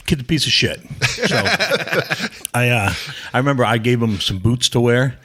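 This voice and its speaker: A man's voice: medium pitch, big pitch swings, a little slow, fairly bright tone, breathy edge. A man, a former pro wrestler, sitting as a podcast guest and telling rambling, blunt, profane stories while acting out what others said. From New England. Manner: rambling anecdotes, blunt and profane, acts out quoted lines. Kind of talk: casual storytelling interview.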